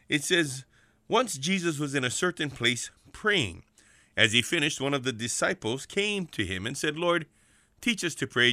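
A man's voice: mid-range voice, sharp tone, no room sound. A man with a Hawaiian Pidgin accent hosting a prison ministry program, preaching in an emphatic, repetitive, folksy way.

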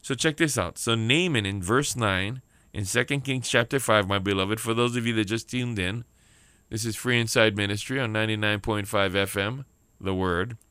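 A man's voice: lowish voice, normal speed, bright, forceful tone, smooth, no room sound. A man preaching a sermon on the radio, emphatic, repeating key lines and calling out for amens. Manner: emphatic preaching with repeated phrases and call-outs for amen.

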